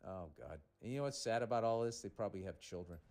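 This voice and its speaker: A man's voice: on the low side, lively intonation, quick pace, a little mellow. A man hosting a comedy podcast, reading a listener's letter aloud and breaking in with sarcastic, profane asides.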